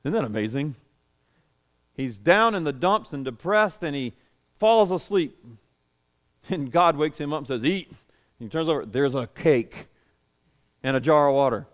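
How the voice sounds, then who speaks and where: A man preaching a sermon to a congregation in a room, telling the story with animated swings between loud declaiming and hushed tones. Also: fairly high pitch, normal speed, pauses often. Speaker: pastor.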